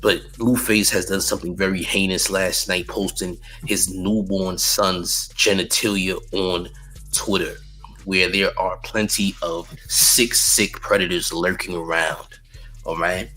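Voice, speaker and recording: A man delivers celebrity news commentary in a deep, low register with a forceful, bright tone. His voice carries a husky roughness, and he talks bluntly and emphatically, hammering his points home. Faint music plays underneath. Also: steady tone, measured pace, poor audio. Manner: blunt, emphatic, repeats slang tags. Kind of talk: opinionated commentary.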